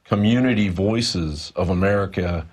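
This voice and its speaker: A man with a fairly low voice speaks as a reporter on a studio news show. He talks in long, rambling stretches, pausing often on fillers as he works through his points. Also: darkish tone. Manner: rambling, hesitant, many fillers.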